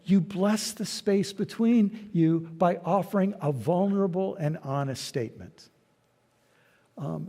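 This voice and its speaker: Speaking at a measured pace in a high, mellow voice, a man guest-lectures conversationally in a large church hall. He tells stories and acts out little dialogues, and the sound has a long hall reverb.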